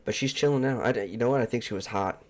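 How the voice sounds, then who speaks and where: Hosting a casual solo podcast from a room at home, a man with a mid-range, darkish voice talks fast. Using headphones and a desk mic, he rants in a profane, exasperated way.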